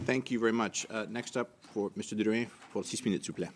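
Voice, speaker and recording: A man's voice: on the low side, fast, background noise. A man chairing a committee hearing, polite but firm as he keeps order from a desk microphone.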